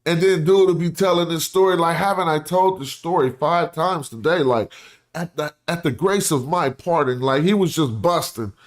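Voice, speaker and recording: A man's voice: on the high side, moderate pace. Slangy man telling a story casually. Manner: slangy, animated, acts out quotes in put-on voices. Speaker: streamer. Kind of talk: casual storytelling and reading aloud.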